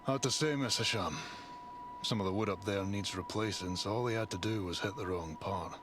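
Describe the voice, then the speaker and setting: A down-to-earth groundskeeper, played by an actor, with a lowish voice and a matter-of-fact delivery. The game audio carries clear background noise. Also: male voice, a little fast, lightly acted. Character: gruff Irish groundskeeper, middle-aged man.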